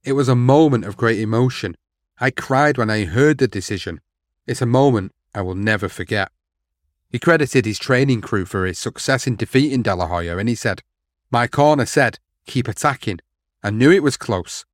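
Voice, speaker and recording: A man's voice: mid-range voice, expressive, normal speed, dry recording, studio quality. A man hosting a boxing history show, telling the story steadily and reading out quotes. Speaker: podcast host.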